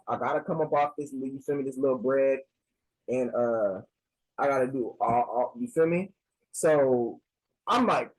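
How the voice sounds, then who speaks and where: Husky, animated young man telling a story. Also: on the high side, rough recording. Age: young adult. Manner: animated, slangy, acts out both sides of the call. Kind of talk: casual storytime.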